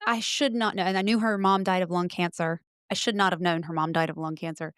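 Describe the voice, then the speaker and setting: A middle-aged woman, a podcast guest, telling a spooky personal story in casual chat, breaking into loud quoted exclamations. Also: on the low side, steady tone, fairly quick, clean tone, no room sound, clean studio sound.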